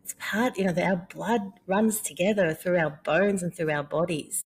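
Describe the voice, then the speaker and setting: A woman's voice: on the low side, husky. A woman guest in a conversational interview, a fertility mentor speaking in an earnest, heartfelt way. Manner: earnest, heartfelt, slow in places.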